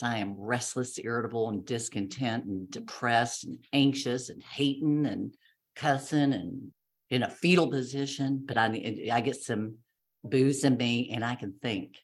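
A woman's voice: a bass voice, moderate pace. A woman tells her own story to a group. She speaks candidly and pokes fun at herself, slipping into the voices of the people she talks about. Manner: candid, self-mocking, acts out voices of others. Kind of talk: personal testimony talk.

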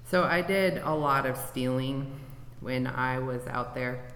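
Man, bright tense tone, casual sharer at a recovery meeting; reverberant hall. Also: medium pitch, slow, a little hiss or hum. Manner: loose, conversational, fillers like "um" and "like". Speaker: member sharing at a recovery meeting. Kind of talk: personal sharing. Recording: echoey hall.

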